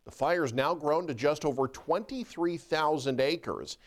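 A man anchoring a morning newscast, reading headlines in a brisk, upbeat newscaster style. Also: a little high. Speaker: news anchor. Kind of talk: scripted news reading.

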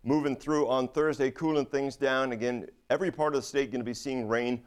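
A man's voice: medium pitch, steady tone, a little fast, clear, resonant tone. A man giving a conversational weather forecast, with a few fillers.

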